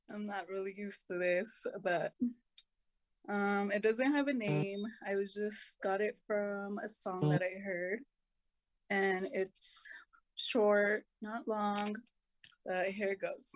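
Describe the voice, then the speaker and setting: A woman's voice: mid-range voice, steady tone, takes it slowly, dry recording. A woman performing a short poem at an open mic, shy and giggly, nervous about speaking. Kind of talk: casual chat and poetry reading.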